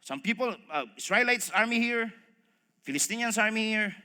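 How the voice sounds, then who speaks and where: Lively preacher in a big echoing church. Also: male voice, high-pitched, moderate pace, clear, resonant tone. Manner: animated storytelling, acting out voices, addresses congregation as folks. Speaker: pastor. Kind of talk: sermon. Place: church hall. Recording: long reverb of a church hall.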